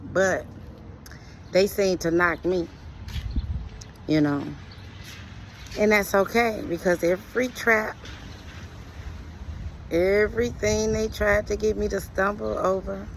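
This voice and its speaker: Slow, gravelly middle-aged woman preaching. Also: medium pitch, fairly bright tone, a little hiss or hum, low-quality recording. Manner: earnest, slow and deliberate, preachy. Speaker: speaker sharing life lessons. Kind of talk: reflective motivational monologue.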